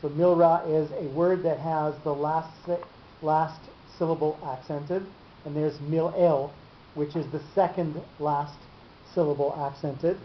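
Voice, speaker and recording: A man teaching a class on reading marks. He pauses a lot and stumbles over repeated words. The room is echoey, and the recording sounds muffled under a faint hiss. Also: fairly high pitch, steady tone. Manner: halting, many fillers and repeated words. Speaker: Torah teacher. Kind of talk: explaining cantillation marks in a class.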